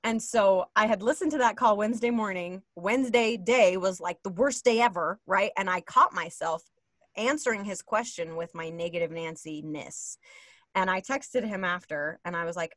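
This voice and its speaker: A woman's voice: medium pitch, normal speed, dry recording. A woman and mother co-hosting a casual chat, telling stories and acting out the quotes in them. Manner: animated storyteller, acts out quotes. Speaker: podcast co-host, mother of three.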